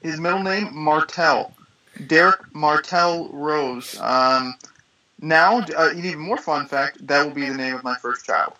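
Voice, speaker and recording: A man co-hosting a podcast in casual sports chat, talking in a hesitant way with many ums and pauses. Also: fairly high pitch, bright, forceful tone, dull audio. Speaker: podcast co-host.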